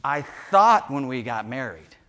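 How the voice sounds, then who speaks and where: A man in his sixties telling a funny story in a sermon, animated and jokey, acting out voices. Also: mid-range voice, a little slow. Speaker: pastor.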